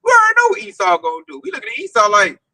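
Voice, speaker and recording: Animated street preacher, high bright voice. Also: male voice, very fast, rough recording. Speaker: teacher leading a group discussion. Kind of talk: casual preaching to an online audience.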